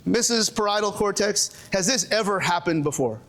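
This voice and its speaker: Brooklyn-accented male presenter, fairly high voice, jokey, stop-start delivery, live seminar room. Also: expressive, normal speed, fairly bright tone. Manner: joking, with frequent restarts and audience call-outs. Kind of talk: animated live seminar talk. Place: lecture room with a live audience.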